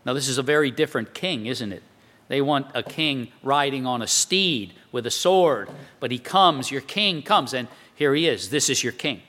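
A man's voice: high voice, sharp tone. A man preaching a sermon in a conversational way, quoting scripture and asking rhetorical questions. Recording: long hall reverb.

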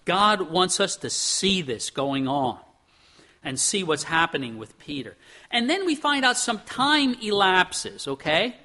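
A pastor from Pennsylvania preaches in a high, ringing man's voice with a bright, forceful edge. He keeps it conversational, asks his listeners rhetorical questions and acts out little quoted exchanges. He often repeats a word as he restarts a thought. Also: big pitch swings, unhurried. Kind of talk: sermon.

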